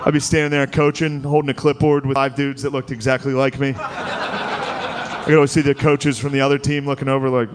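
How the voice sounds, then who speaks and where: A man works through a crude stand-up comedy set, swearing freely and laughing as he talks. His voice sits in a middle register. Steady background noise runs under the recording. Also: mid-range voice, fairly quick. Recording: noisy recording.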